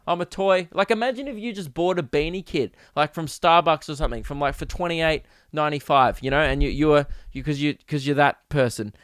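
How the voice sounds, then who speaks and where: Brief: young Australian man, higher-pitched smooth voice, loose comic podcast rant. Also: a little fast, hardly any pauses, no room sound, studio quality. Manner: rambling, animated, swears freely. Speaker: podcast host. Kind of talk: casual comedic monologue. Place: home podcast setup.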